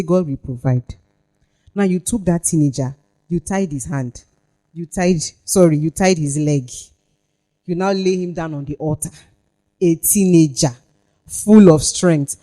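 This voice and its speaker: A woman with a lowish, mellow voice leads a parenting workshop, reading scripture aloud and pressing the audience with questions as she teaches from the Bible.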